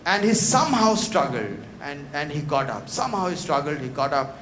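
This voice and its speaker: A man's voice: fairly high pitch, big pitch swings, moderate pace, a bit bright. A man giving a motivational talk, telling a story dramatically and acting out its dialogue in a large event hall. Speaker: motivational speaker. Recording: echoey hall with faint noise.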